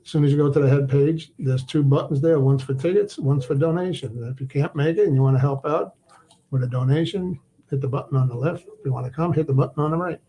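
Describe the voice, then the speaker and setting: A man guest on a talk show, talking casually with a relaxed, halting manner. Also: fairly high pitch. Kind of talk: casual chat.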